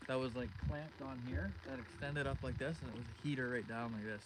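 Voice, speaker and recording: A man's voice: medium pitch, fairly even intonation, brisk. Chatty man fishing outdoors. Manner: chatty, greets viewers by name. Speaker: fishing livestream host. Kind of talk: casual live-stream chat. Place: outdoors on a boat in the wind. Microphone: phone streaming live. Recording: wind and outdoor noise.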